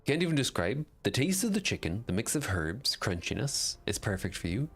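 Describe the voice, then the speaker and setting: Excitable man streaming a game. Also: medium pitch, a little fast, slightly rough. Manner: excitable, chatty, swears, reacts loudly and reads chat aloud. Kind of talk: casual live gameplay commentary.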